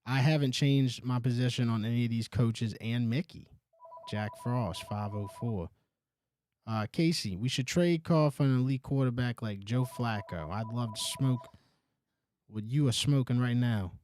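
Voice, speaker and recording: A man's voice: medium pitch, unhurried, darkish tone, a little hiss or hum. A man hosting a casual sports call-in show, with laid-back, profane banter. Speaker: radio call-in show host.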